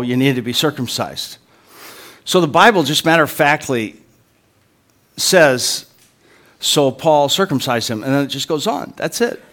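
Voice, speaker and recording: A man's voice: medium pitch, a bit bright. Man preaching with joking asides. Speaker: pastor. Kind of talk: sermon.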